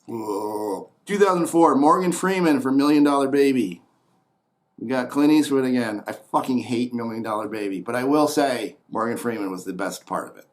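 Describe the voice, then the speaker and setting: A man's voice: mid-range voice, brisk. A man rambling through a casual comedic monologue, blunt and opinionated, trailing into muttered asides. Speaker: host.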